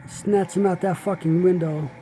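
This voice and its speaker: A man's voice: high-pitched, steady tone, moderate pace, mellow, slight background noise, rough recording. A man hosting a reaction video, giving brash, profane, trash-talking commentary.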